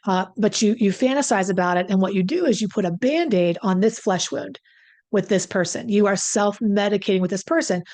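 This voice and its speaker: A woman's voice: mid-range voice, darkish tone. A woman relationship coach giving conversational, emphatic advice straight to the viewer, with self-deprecating asides. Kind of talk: direct-to-camera advice talk.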